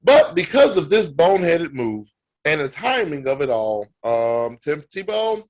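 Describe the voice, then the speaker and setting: Slightly high-voiced male co-host, emphatic and incredulous sports rant. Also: big pitch swings, measured pace. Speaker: podcast co-host. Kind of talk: casual sports banter.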